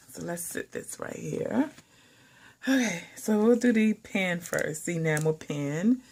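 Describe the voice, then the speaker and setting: A woman hosting a casual unboxing vlog, excitable and gushing with frequent exclamations. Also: on the low side, a little slow, gravelly, breathy edge. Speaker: planner channel host.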